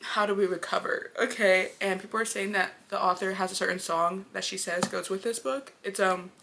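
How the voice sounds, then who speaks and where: A young woman talks fast and casually about books she is reading, gushing and poking fun at herself. Her voice is bright with a gravelly fry at the ends of phrases. Faint room noise sits behind her. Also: medium pitch, steady tone. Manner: chatty, gushing, self-mocking. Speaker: book vlogger. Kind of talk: casual vlog chat.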